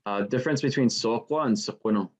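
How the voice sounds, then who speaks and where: A man, a student in an online class, eagerly asking a quick question. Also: medium pitch, husky.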